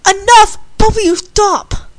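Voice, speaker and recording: A woman's voice: very high-pitched, fairly even intonation, unhurried, dry recording, pitched above the performer's own voice. A woman voicing a stern but kindly orphanage matron in a read-aloud story, with a scolding manner.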